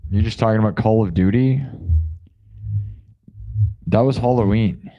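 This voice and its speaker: A man's voice: lowish voice, a little slow, lo-fi sound. A man hosting a live stream, chatting casually and joking with his viewers in a rambling way. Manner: jokey, rambling, talks to chat. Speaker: live stream host and improv musician.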